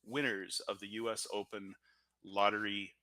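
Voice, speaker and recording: A man's voice: on the low side, level tone, moderate pace, heavy background noise. A man with a Canadian accent hosting a live-streamed lottery draw, chatty and joking as he talks. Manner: chatty and joking, thinks aloud with fillers. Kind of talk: upbeat live-stream commentary. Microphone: audio-only stream mic.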